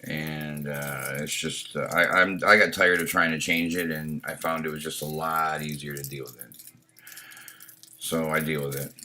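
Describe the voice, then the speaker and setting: His voice rumbles low with little pitch movement, pushed and bright at a normal speed, against slight background noise. The man hosts a casual stream, reading chat aloud with blunt, profanity-heavy opinions and many false starts.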